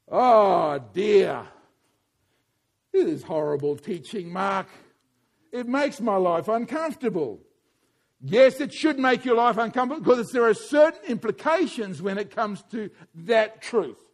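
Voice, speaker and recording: High-voiced man preaching a sermon. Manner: animated, playful, asks the congregation questions. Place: church.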